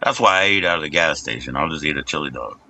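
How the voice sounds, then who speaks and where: Lively crude-talking male streamer. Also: a bass voice, fast talker, vocal fry, slight background noise. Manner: rambling, crude, laughs and sing-song teasing of chat. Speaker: live streamer. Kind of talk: casual live-stream chat.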